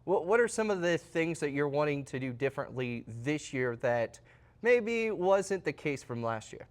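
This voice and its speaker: A man's voice: fairly high pitch, lively intonation, normal speed. A man hosting a casual sports interview, chatty and joking, with many fillers and restarts. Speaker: host.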